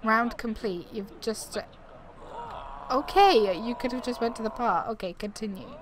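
Brief: woman gaming streamer, chatty and exclaiming, fairly high voice, loud game crowd behind. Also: normal speed. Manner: chatty, exclaiming, talks to herself while playing. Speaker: gaming YouTuber. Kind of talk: casual let's-play commentary. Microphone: desktop USB mic.

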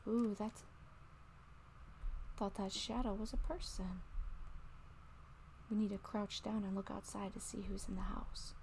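A woman's voice: medium pitch, steady tone, unhurried, gravelly, long pauses, darkish tone, a little hiss or hum. A middle-aged woman giving jumpy commentary while playing a horror game at home, talking to herself and dropping to whispers when tense.

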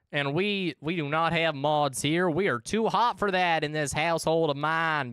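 A young man chatting casually to his viewers while playing a game on a livestream, animated and quick to swear. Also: fairly high pitch, clear, resonant tone, dry recording, studio quality. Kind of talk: casual gaming stream chat.

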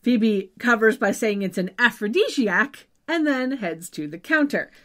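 A woman's voice: on the high side, expressive, measured pace, a bit bright. A woman co-hosting a podcast, recapping a TV episode in casual chat with wry asides. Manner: chatty, wry asides, trails off with "just saying". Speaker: podcast co-host.

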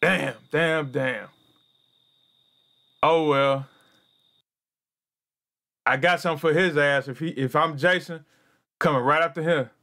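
A man streaming a game live, excitable and swearing a lot as he yells at the game, with game music behind him. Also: fairly high pitch, takes it slowly, long pauses. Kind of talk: live gameplay commentary.

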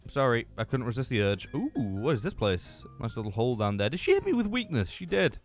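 A young man giving playful, excitable commentary on his Minecraft game, taunting the mobs and laughing often. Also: mid-range voice, fairly quick, soft background music. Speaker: gaming YouTuber. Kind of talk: Minecraft let's-play commentary.

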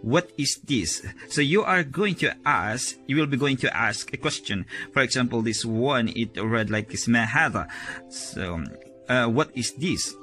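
A man with a bright, sharp-edged voice gives a casual video lesson. He explains step by step and says each word slowly and with care before he translates it. Soft music plays faintly behind him. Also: mid-range voice, lively intonation. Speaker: Arabic teacher.

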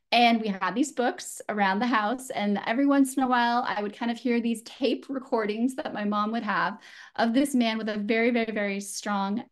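Earnest woman telling her story. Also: medium pitch. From San Francisco, USA. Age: adult. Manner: earnest, reflective, many fillers and restarts. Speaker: guest. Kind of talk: personal storytelling.

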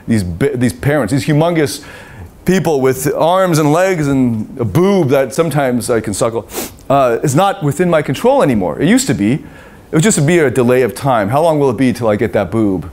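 Man, middle-aged, relationship coach, live seminar, casual cursing, wide pitch swings. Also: moderate pace. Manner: animated and profane, acting out the voices of babies and parents.

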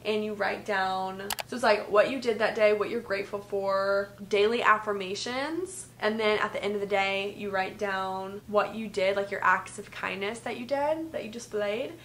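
A woman's voice: mid-range voice, moderate pace, hardly any pauses, a bit bright, a little hiss or hum. A young woman in her twenties chatting casually in a gift-guide vlog from her bedroom, saying "like" a lot. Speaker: vlogger. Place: bedroom at home. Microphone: vlog camera.

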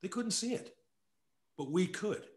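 An older man from Canada, a guest telling anecdotes casually, animated and quick to laugh. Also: sits high. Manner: animated storyteller who acts out quotes, laughs often. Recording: echoey room.

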